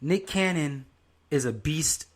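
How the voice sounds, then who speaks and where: A man's voice: fairly high pitch, takes it slowly. A young adult man hosting his own podcast, ranting in a heated, profane, casual way. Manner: heated, profane, lively rant. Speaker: podcast host. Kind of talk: casual solo commentary.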